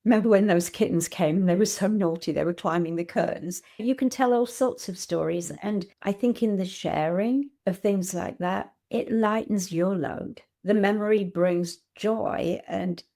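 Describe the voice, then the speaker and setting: An older woman in conversation, speaking gently and reflectively as she tells stories. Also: medium pitch, normal speed, hardly any pauses. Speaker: guest. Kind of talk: casual conversation.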